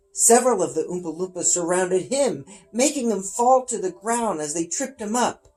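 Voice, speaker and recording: A man reading his own story aloud, dramatic and expressive. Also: high-pitched, poor audio.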